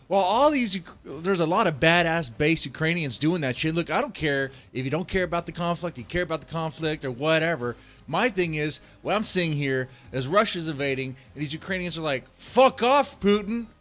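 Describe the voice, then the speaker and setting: A man from Texas ranting on a livestream, profane and heated, swinging between loud outbursts and low muttering. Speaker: streamer. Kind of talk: livestream rant.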